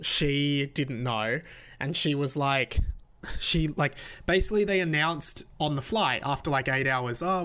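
A man's voice: medium pitch, fairly bright tone. A young man, hosting a podcast and telling travel stories in a loose, rambling way full of fillers. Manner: rambling, filler-heavy, laughs at his own stories. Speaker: podcast host. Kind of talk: casual travel storytelling.

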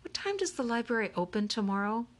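A woman voicing a smart, bookish teenage girl who speaks softly and earnestly. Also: a little high, big pitch swings, quick pace, voice pushed up.

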